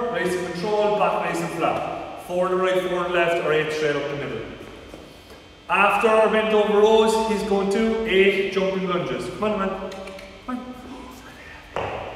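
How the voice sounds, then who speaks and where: A man coaching a live workout, with energetic, repeated encouragement and countdowns. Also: sits high. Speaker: fitness coach. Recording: echoey hall from far off, faint noise.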